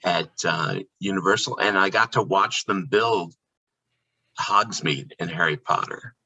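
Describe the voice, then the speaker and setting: Male podcast guest, low and husky, candid storyteller, lo-fi audio. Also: measured pace, sharp tone. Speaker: podcast guest, theme park performer. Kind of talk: casual storytelling chat.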